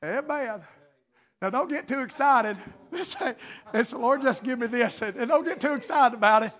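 A man preaching a sermon, swinging between shouted, chanted lines and hushed storytelling. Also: very high-pitched, lively intonation, moderate pace.

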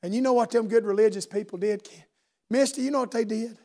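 A brisk male preacher moves from shouts to hushed, intimate tones in his church sermon. He directs rhetorical questions at individual listeners by name.

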